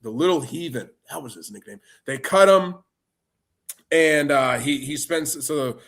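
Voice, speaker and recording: A man's voice: a little high, unhurried, fairly bright tone. Laid-back male podcast co-host. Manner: rambling, laid-back, many restarts. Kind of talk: casual chat.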